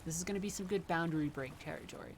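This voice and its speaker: A woman's voice: lowish voice, rapid-fire, a little hiss or hum. A woman livestreaming a game, giving chatty, wry commentary with rambling asides. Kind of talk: casual gameplay commentary.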